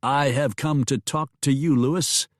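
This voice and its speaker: A man's voice: mid-range voice, fairly even intonation, unhurried, dry recording, clean studio sound, voice pushed up, natural voice. A man voicing an earnest, fussy newspaper publisher in a Western audiobook.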